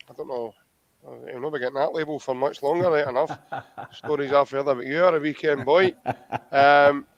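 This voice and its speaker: Scottish man, higher voice, dry dull audio. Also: no room sound. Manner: chatty, friendly, laughs easily. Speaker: podcast host. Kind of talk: casual football podcast chat.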